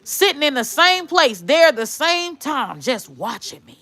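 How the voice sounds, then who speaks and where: A woman vloggs a rambling story in a high, bright, very lively voice. She keeps tacking tag questions onto her sentences and swears freely, in a casual storytelling manner. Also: unhurried.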